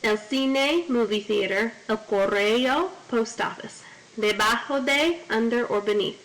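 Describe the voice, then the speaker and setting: A woman's voice: on the high side, unhurried, fairly bright tone, low-quality recording. A woman teaching a Spanish class, reading each phrase in Spanish and then in English, and adding memory tips. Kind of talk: classroom vocabulary lesson. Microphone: corded mic.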